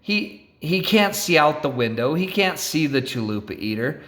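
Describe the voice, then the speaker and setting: A man telling a road-rage story to an audience in an animated, theatrical way, often checking in with "right?" and "okay?". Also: on the high side, moderate pace. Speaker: storyteller speaker.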